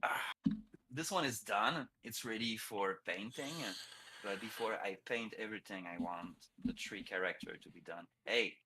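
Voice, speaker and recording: A man from Quebec with a French-Canadian accent, chatting casually on a live stream while he works, laughing often and pausing between phrases. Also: on the low side, bright, forceful tone, breathy edge.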